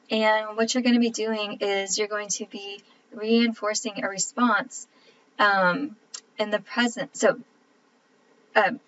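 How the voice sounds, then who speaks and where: A woman's voice: mid-range voice, fairly bright tone. Woman lecturing casually, slightly dull audio. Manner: casual, explanatory, frequent ums. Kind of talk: recorded lecture. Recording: dull lo-fi recording with faint background noise.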